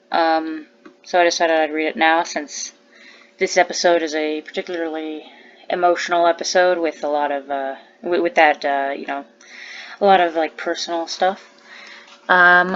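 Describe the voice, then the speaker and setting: Teary woman doing let's play commentary, curses a lot, kinda muffled audio. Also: on the low side. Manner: emotional, swears a lot, blunt. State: teary after crying. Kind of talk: casual gameplay commentary, reading game text aloud.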